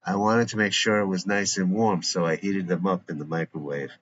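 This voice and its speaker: A man's voice: deep voice, steady tone, fairly quick, a bit bright. A man reading a fussy, kind mother. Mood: fussing. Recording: dull lo-fi recording with faint hiss.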